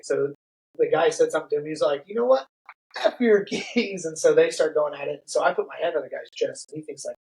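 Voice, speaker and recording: A man's voice: a little high, fast, poor audio. A middle-aged man casually telling a story on a podcast, laughing and acting out what people said. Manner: animated, laughing, acts out quotes. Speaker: podcast guest.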